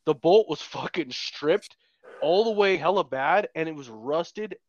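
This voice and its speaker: A man's voice: on the high side, lively intonation, unhurried, no room sound, dull audio. A man on a podcast telling a long story in a casual, rambling way with lots of swearing. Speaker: podcast co-host.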